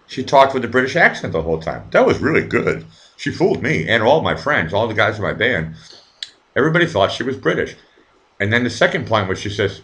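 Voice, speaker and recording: A man's voice: medium pitch, big pitch swings, a little fast, fairly bright tone. A man hosting a casual livestream, rambling through a personal story with many restarts and repeated words. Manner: swears casually. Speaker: livestream host.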